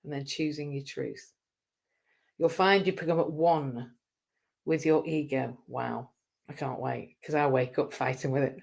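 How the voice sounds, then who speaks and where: A woman hosts a live stream in a rambling, casual monologue. She is chatty and self-mocking and laughs often. Her voice sits low. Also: a little slow, gravelly, a little mellow.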